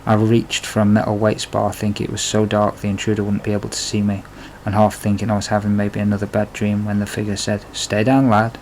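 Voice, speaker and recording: A man's voice: on the low side, completely flat delivery, fast, hardly any pauses, darkish tone, a little hiss or hum, poor audio. A man narrating his own life story in a plain, confessional way, with blunt swearing. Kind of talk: memoir storytelling.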